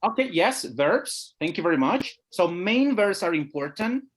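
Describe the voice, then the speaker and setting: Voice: medium pitch, big pitch swings, a little slow, slight background noise. A teacher trainer leading an online webinar, patiently checking that participants follow. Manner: patient, checks understanding, often says "guys". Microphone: video call.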